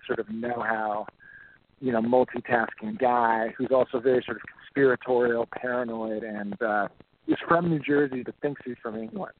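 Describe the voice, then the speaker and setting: A man's voice: medium pitch, a little hiss or hum. A man from Texas, an actor, chatting as a guest in a casual interview, rambling with plenty of fillers. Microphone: phone call. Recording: tinny phone line.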